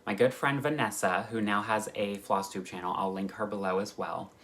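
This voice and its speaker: A man's voice: on the low side, steady tone, normal speed, a bit bright. Gushing, chatty male stitching vlogger. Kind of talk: casual chat.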